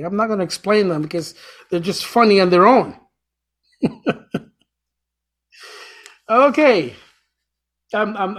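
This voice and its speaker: Show host, chatty, meandering, self-correcting, dad-joke humor. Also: mid-range voice. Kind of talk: casual spiritual talk.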